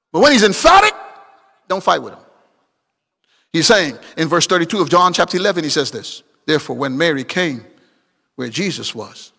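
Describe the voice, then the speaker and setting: Emphatic preacher man, lively and gravelly. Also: high-pitched, in a large hall. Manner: emphatic, swings between loud bursts and hushed asides. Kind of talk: sermon.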